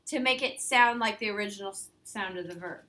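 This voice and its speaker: A woman's voice: mid-range voice, a little fast, pushed and bright. A woman teaching a casual review lesson, explaining step by step and quizzing her students. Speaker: Spanish teacher.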